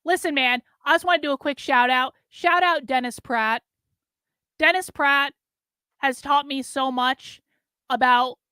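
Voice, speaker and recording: A woman with a high voice hosts a casual livestream, reacting to clips and answering viewer messages. She talks bluntly and emphatically and swears freely. The sound is close and dry. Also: bright, forceful tone, clean tone, no echo. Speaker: host.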